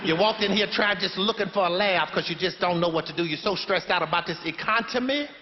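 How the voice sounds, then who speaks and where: A man's voice: high voice, brisk, background noise. A man playing a sassy, preachy older grandmother in a stage play monologue, handing out blunt, folksy, sermon-like life advice. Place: theater stage before a live audience. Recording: dull live stage recording in a reverberant hall.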